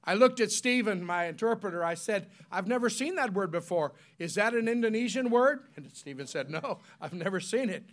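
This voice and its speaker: A man with a high voice preaches a sermon to his congregation. He spells out key words slowly and has the people repeat them back to him. His delivery climbs to loud, emphatic peaks and then sinks to hushed, solemn tones. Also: expressive.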